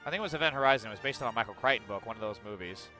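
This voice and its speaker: A man's voice: on the low side, lively intonation, very fast, pushed and bright, soft background music. A male streamer chatting casually and bluntly on a livestream, swearing freely and reacting aloud as he reads news.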